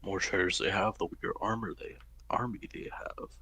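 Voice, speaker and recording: A man's voice: low-pitched, fairly even intonation, moderate pace, sharp tone, husky. A man playing in an online tabletop game, speaking partly in character and thinking aloud as he explains his plans. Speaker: player.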